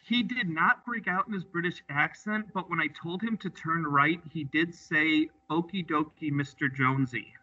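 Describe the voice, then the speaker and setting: A man's voice: on the high side, normal speed, few pauses, pushed and bright. A man who works as a drive examiner, telling stories from the job in an easygoing way and quoting what people said. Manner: easygoing, recounts with quoted dialogue. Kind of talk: storytelling in an interview. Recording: slightly distant, muffled audio.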